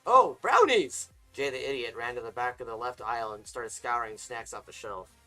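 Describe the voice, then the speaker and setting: A man's voice: medium pitch, level tone, a little fast, pushed and bright, soft background music, poor audio. A man casually reading fiction aloud, stumbling and restarting now and then. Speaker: story reader.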